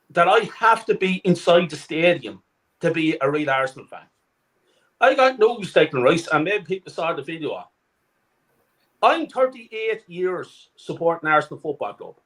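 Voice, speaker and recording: A middle-aged man tears into a furious, profane rant as a fan-channel co-host. His voice sits high and leaps all over the place as he shouts. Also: rough recording. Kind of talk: angry ranting fan commentary.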